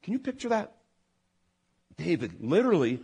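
A man preaching a sermon as pastor, animated, building to loud emphatic peaks and then dropping low. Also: normal speed, breathy edge.

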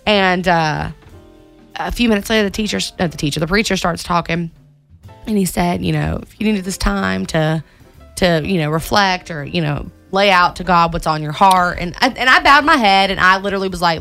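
A woman co-hosting a casual chat, telling a story with lively acted-out quotes. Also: on the low side, normal speed, creaky, faint music behind. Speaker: co-host.

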